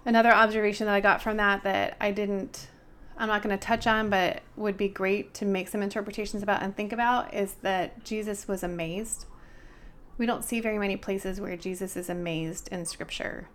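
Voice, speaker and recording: A woman's voice: mid-range voice, steady tone, moderate pace, fairly bright tone. A woman co-hosting a casual bible study discussion, chatty and thinking aloud.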